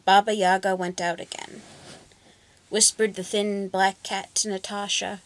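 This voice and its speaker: A woman reading a fairy tale aloud, narrating in an expressive, measured way. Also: mid-range voice. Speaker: storyteller. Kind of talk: storybook reading.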